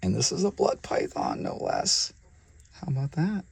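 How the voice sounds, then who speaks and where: A man who breeds reptiles, hosting a casual vlog while handling snakes, chatty and sometimes dropping to soft murmurs toward the animals, recorded on a handheld camera mic indoors. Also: on the high side, big pitch swings, normal speed, gravelly, slightly rough. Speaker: reptile breeder and channel host.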